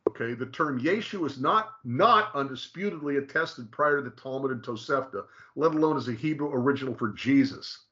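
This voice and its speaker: A mid-pitched man walks through material in a casual, explanatory way, stopping and restarting his sentences often. He slows right down to stress particular names. The audio is dull and lo-fi. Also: animated, bright, forceful tone. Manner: halting, frequent restarts, slow drawn-out stress on names. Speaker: presenter.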